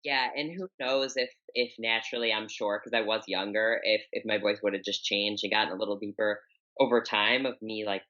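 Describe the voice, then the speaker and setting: A young woman with a deep, low voice for a woman, talking candidly and rambling with lots of fillers as a podcast guest. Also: fairly even intonation, a little fast, fairly bright tone. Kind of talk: casual interview talk. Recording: dull, muffled audio.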